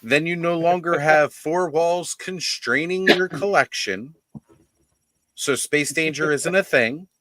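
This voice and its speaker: A man hosting a casual live-stream chat, telling a funny story in an animated way and laughing as he goes, over a video call. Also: on the high side, takes it slowly. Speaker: host of a toy-collecting live stream.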